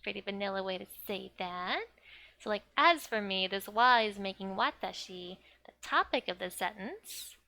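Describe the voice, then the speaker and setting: A woman's voice: mid-range voice, expressive, moderate pace, vocal fry, pushed and bright. A young woman giving a casual, chatty language lesson, often laughing and leaning on "like". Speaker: language teacher.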